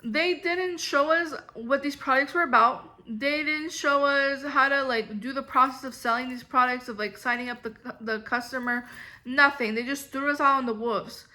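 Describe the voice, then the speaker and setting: In a storytime vlog, a young woman rambles on in an exasperated way, packing her talk with filler "like"s. She speaks at a moderate pace in a high, pushed, bright voice.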